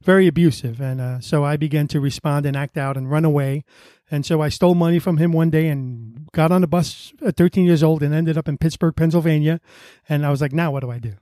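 A man tells his life story in a plain, matter-of-fact way. His tone is mellow and a little high, and the recording is dry and close. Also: steady tone, fast, no room sound. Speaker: panel guest. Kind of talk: personal testimony.

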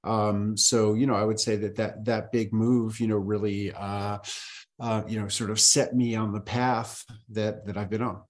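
A man from Manhattan speaking as a podcast guest, calm and measured, often pausing on fillers. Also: lowish voice. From Manhattan, New York. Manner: measured, many ums and you-knows. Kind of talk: casual interview chat.

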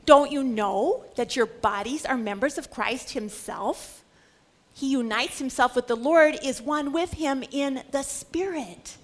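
A woman's voice: high voice, a little slow. A middle-aged woman teaching a Bible lecture, earnest and emphatic. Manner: earnest, acts out scripture quotes with emphasis. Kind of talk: religious lecture.

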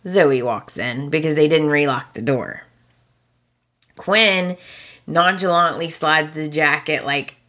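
Woman host, low and unhurried, chatty soap recapper who quotes the characters. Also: pushed and bright. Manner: chatty storytelling with quoted dialogue and chuckles. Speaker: podcast host. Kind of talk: casual soap opera recap.

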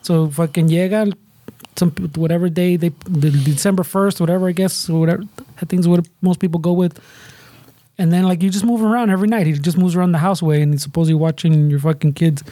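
A man rambles through a profane story in casual chat. His voice is mellow and warm. The sound is dry and close. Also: sits high, steady tone, fast talker, no room sound. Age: adult parent. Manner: profane rambling storytelling mixing English and Spanish.

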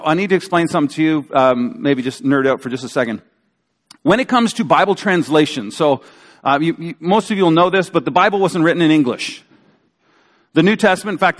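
A man preaching a sermon as a pastor, in a conversational, animated storytelling way with acted-out quotes. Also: a little high. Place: church sanctuary. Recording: church hall reverb.

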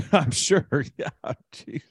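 A man's voice: on the high side, sing-song, extremely slow, breathy edge, no echo, clean studio sound. Joking male podcast host. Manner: joking, laughs along. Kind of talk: casual interview chat.

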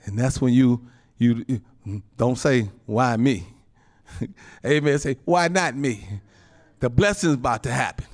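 Unhurried, the male preacher works through his sermon with plenty of amens and chuckles. Quiet, low remarks give way to loud, high exclamations.

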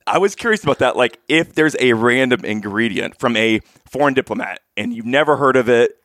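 Man co-host, mid pitch with lively intonation, dry close sound, curious interviewer. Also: brisk, dry recording. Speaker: podcast co-host. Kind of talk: casual interview chat.

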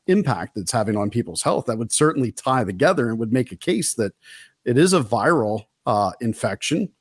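A man hosts a casual talk radio chat while running a fever, speaking in an easygoing, rambling way. His voice sits at a middle pitch. The sound is dry and close to the mic. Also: no room sound. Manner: relaxed, chatty, with fillers and laughs. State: feverish with covid. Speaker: host.

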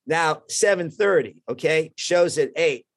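A middle-aged man with a slightly high voice tells a story in an animated way. He often restarts his sentences and jumps between scenes. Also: unhurried. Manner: lively anecdote-telling with many restarts and quoted voices. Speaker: guest, orthopedic surgeon.

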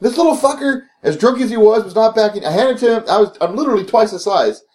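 A young man co-hosting a casual podcast chat, an animated storyteller who swears a lot and laughs often. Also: sits high, quick pace. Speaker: podcast co-host.

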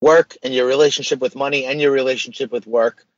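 A man speaking as a podcast guest in casual, earnest conversation, animated and loose with slang. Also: mid-range voice, fast talker, dry recording, dull audio.

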